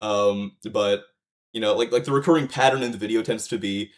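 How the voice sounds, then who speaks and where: A man's voice: on the low side, a little fast. A man doing casual livestream commentary, reacting to a video, rambling and swearing with frequent fillers and restarts.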